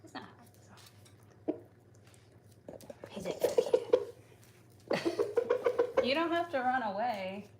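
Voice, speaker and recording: A woman's voice: on the high side, lively intonation, takes it slowly, pauses often, heavy background noise. A woman hosting a casual livestream, chatting, joking and talking to her chicken at home. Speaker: livestream host.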